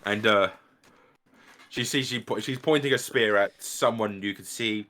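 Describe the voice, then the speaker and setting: A man's voice: lowish voice, moderate pace, fairly bright tone. A man narrating as game master of a tabletop role-playing game, describing scenes casually.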